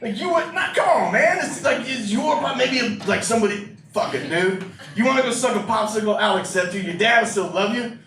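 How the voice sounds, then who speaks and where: Male stand-up, very high-pitched, brash profane storyteller; distant roomy live-club recording with a loud crowd. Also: lively intonation, a little fast, slight background noise. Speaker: stand-up comedian. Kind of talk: stand-up comedy set. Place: small listening room with a live audience.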